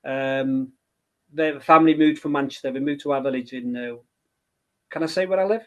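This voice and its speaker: A man's voice: medium pitch, normal speed. A middle-aged man, a children's book author chatting in an interview, rambling and hesitant with many restarts. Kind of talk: casual interview chat.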